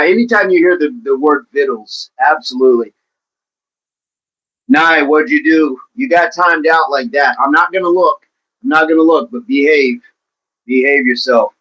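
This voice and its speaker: A man's voice: on the high side, moderate pace, a bit bright, lo-fi sound. A man hosting a casual livestream, talking to viewers by name and encouraging them. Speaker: livestream host reading chat.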